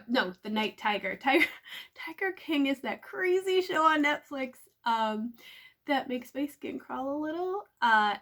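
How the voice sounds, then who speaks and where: A young woman talking casually and excitedly about the books she bought, with plenty of "um" and "like.". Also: on the high side. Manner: chatty, filler-heavy, excitable. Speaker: book vlogger. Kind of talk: casual book haul chat. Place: at home.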